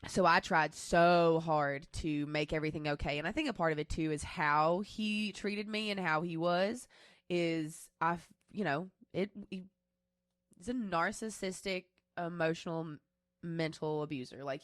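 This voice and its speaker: A woman's voice: on the low side, normal speed, dry recording, clean studio sound. Candid, rambling woman in her twenties. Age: 20s. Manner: candid, rambling personal storytelling with many restarts. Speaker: podcast co-host. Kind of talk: casual podcast chat.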